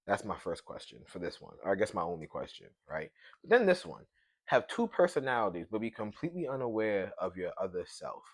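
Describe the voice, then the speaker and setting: A man's voice: sits low, dry recording. A man in his thirties from Brooklyn with a Brooklyn accent, hosting a solo podcast in a loose, slangy, profane riffing chat. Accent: Brooklyn New York. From Brooklyn, New York. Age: 30s. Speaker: podcast host.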